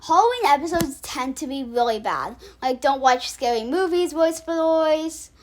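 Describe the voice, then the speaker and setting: A woman's voice: high-pitched, very animated, normal speed. A woman hosting her own channel, casually ranking cartoon episodes in a rambling way with many restarts and filler words. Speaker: channel host.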